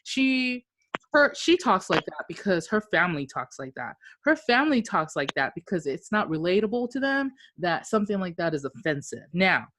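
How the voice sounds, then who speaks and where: A woman's voice: lowish voice, big pitch swings, moderate pace, a bit bright, slight background noise. A woman from Okinawa co-hosting a podcast, telling stories in casual chat, swearing freely and acting out the voices of the people she quotes. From Okinawa, Japan. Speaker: podcast co-host.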